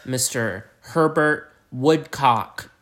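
A woman's voice: rumbling low, very slow. Tired woman co-host rambling through a story. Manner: rambling, profane, joking retelling. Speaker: podcast co-host. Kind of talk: casual storytelling chat.

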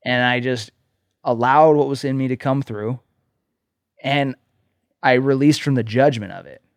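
Male podcast co-host, mid-pitched, earnest storyteller, dry close mic. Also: a little slow, no echo. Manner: earnest storytelling, emphatic "okay?" check-ins. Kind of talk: casual podcast conversation.

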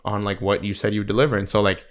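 A man's voice: lowish voice, flat delivery, rapid-fire. A man in a casual podcast chat, telling stories that end in a lesson, filled with "like" and "you know". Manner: storytelling, lecturing, many "like" and "you know".

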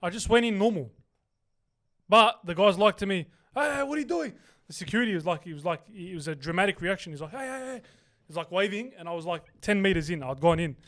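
A man's voice: high-pitched, quick pace, fairly bright tone. A young man, co-hosting a podcast with teasing, jokey banter. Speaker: podcast co-host. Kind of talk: casual chat.

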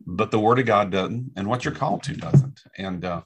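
A man's voice: fairly low pitch, normal speed, slight background noise. A man who travels as an evangelist, telling stories in a casual way and acting out the dialogue. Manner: animated anecdotes, acts out dialogue. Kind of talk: casual storytelling chat.

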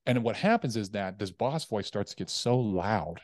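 Low, dry-voiced man telling stories. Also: moderate pace, no echo. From United States. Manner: animated storytelling, acts out inner voices. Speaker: podcast guest, coach. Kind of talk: casual interview chat.

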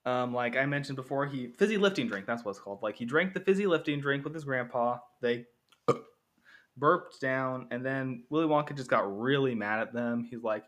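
A man's voice: medium pitch, expressive, normal speed, a bit bright. A man hosting a casual podcast monologue comparing two films, rambling with many fillers and acting out characters' lines. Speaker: podcast host.

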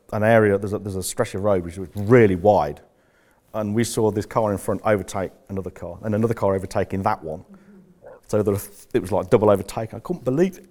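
A man's voice: on the low side, darkish tone. An older man chatting as a podcast host, telling rambling, jokey stories with plenty of swearing. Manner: rambling, profane, jokey storyteller. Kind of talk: casual chat.

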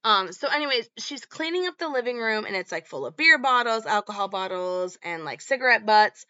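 A woman's voice: a little high, lively intonation, a little fast, bright, forceful tone, no room sound, muffled recording. A woman hosting a podcast, recapping a horror film in a casual, chatty way full of "like" and "um". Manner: chatty, lots of "like" and "um". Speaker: podcast host.

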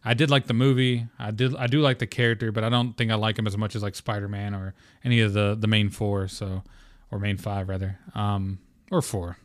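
Man, solo podcast host, rambling, lots of fillers, cursing, slightly low voice, dry close-mic sound. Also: little pitch movement, a little fast, dry recording. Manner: rambling, profane, filler-heavy. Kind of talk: casual solo podcast talk.

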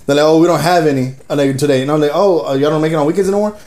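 A man's voice: fairly high pitch, rapid-fire, a little mellow. A man from Dallas, Texas, guesting on a podcast and telling stories in a casual chat. He swears freely and acts out quotes with a raised voice. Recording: roomy echo.

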